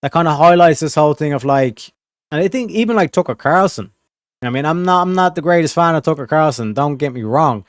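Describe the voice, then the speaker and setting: A man's voice: on the high side, lively intonation, a little fast, dry recording, clean studio sound. A man hosting a livestream, chatting casually and rambling with plenty of "like" and swearing. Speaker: livestream host.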